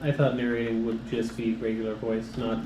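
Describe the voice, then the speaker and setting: A man's voice: medium pitch, completely flat delivery, a little fast, dark tone, highs cut off, a little hiss or hum. A man guesting on a livestream, reading out script cues hesitantly, with many ums. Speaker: guest voice actor. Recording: echoey room with faint ambience.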